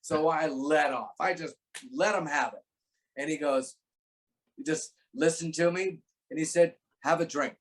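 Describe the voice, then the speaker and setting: A man's voice: fairly high pitch, measured pace, low-quality recording. A man, a guest actor, telling a rambling anecdote in casual chat on a video call, acting out the voices he quotes.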